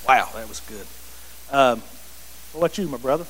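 A man's voice: medium pitch, lively intonation, moderate pace, a bit bright, slight background noise. A man leading a church Bible study in a preaching style, emphatic and repetitive, calling on listeners by name. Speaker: pastor leading a group discussion. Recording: reverberant hall.

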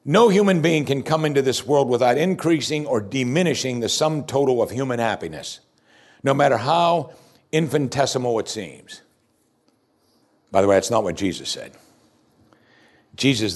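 A male pastor delivering a sermon, building to loud, emphatic repeated declarations. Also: mid-range voice, lively intonation, moderate pace.

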